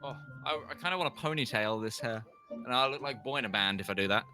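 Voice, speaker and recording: A man's voice: mid-range voice, fast, music in the background. A man chatting casually during a break in a live-streamed tabletop game, rambling and joking at his own expense while sorting his costume. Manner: rambling and self-mocking, talks to chat while changing costume.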